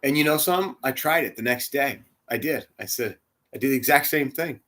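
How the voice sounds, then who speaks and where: A man's voice: medium pitch, brisk. Man preaching a heartfelt story. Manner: emotional, swings from hushed to loud, acts out quotes. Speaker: church spiritual leader.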